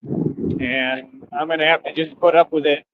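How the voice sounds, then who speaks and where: A man's voice: on the high side, fairly even intonation, measured pace, phone-quality sound, a little hiss or hum. A man hosting a casual livestream, laid-back and teasing, repeating his phrases and laughing often. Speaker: livestream host.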